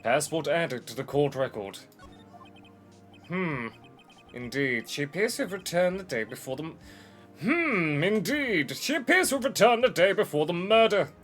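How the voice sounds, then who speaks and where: A man voicing an older male judge in a slow, ponderous courtroom manner. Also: a little high, big pitch swings, fairly bright tone, soft background music. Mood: solemn. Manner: ponderous, measured.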